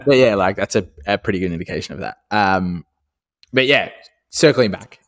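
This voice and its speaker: Young male co-host, deep voice, loose and profane, laughs a lot. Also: unhurried. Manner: swears freely, animated and laughing. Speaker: podcast co-host. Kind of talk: casual chat.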